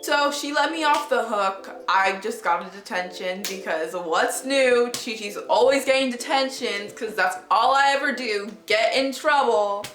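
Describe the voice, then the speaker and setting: A woman's voice: fairly high pitch, measured pace, few pauses, a bit bright. A woman vlogger telling a story in a casual, dramatic way, swearing freely. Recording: echoey room, faint music.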